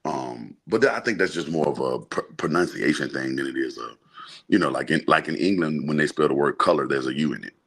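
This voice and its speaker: A man from Alabama with an extremely deep, husky voice. He talks through ideas in a relaxed, unhurried way, often pausing to ask "right?". He sounds like one half of a casual podcast chat. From Birmingham, Alabama, US. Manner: explains slowly, often checks in with "right?". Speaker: podcast co-host discussing the Bible.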